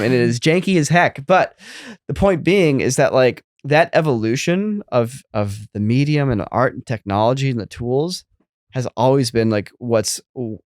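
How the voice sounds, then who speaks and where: A man's voice: medium pitch, no echo, clean studio sound. A man in his thirties co-hosting a podcast in casual chat, rambling with lots of fillers. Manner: rambling, many fillers and restarts. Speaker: podcast co-host.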